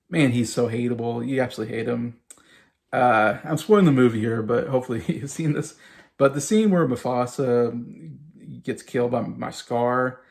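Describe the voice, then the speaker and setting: Enthusiastic man with a gravelly voice. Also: medium pitch, a little mellow. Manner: enthusiastic, rambling with many fillers. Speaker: YouTube host ranking movies. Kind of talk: casual chat.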